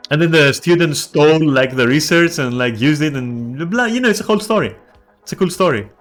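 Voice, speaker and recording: Male streamer, casual and animated, salty rant delivery, slightly high pitch, music faint under. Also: fairly quick. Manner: animated, swears a lot, restarts. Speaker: game streamer. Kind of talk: casual ranting chat on a stream.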